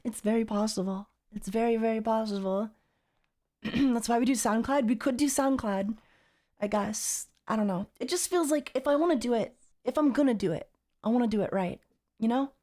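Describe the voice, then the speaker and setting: A woman's voice: on the high side, moderate pace, mellow. A young adult woman streaming as a VTuber, chatting casually and reading chat aloud in a teasing, playful way.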